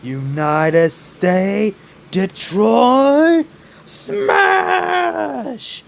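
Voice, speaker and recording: A man voicing a loud heroic male champion who shouts battle cries, for a fan-made story. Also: very high voice, drawn-out words, vocal fry, voice pushed up, full character voice. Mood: shouting.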